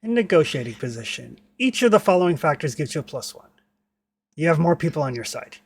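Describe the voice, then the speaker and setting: A man's voice: on the high side, big pitch swings, quick pace. A man narrating a tabletop game as game master, rambling with many filler words.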